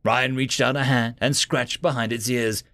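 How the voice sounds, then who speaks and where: A man narrating a Reddit science fiction story as channel host, with expressive, dramatic delivery. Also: mid-range voice, moderate pace, creaky, dry recording. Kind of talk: reading Reddit sci-fi story aloud.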